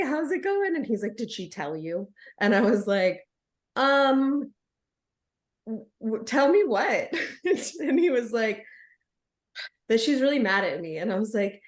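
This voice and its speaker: A woman with a fairly high voice recounts a story from her practice in an animated, frank way, often breaking into laughter. Her voice carries a noticeable echo from the room. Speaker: chiropractor. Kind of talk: casual storytelling among colleagues.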